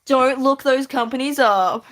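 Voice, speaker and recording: A woman doing a loud, overexcited impression of a male YouTuber hosting wild stunts. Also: sits high, a little slow. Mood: hyped.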